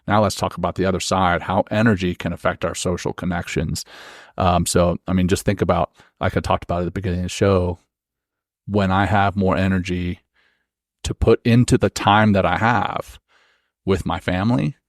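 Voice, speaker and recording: A man's voice: sits low, fairly even intonation, normal speed, no echo, clean studio sound. A man co-hosting a casual podcast, talking in an earnest, reflective way and correcting himself as he goes. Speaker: podcast co-host.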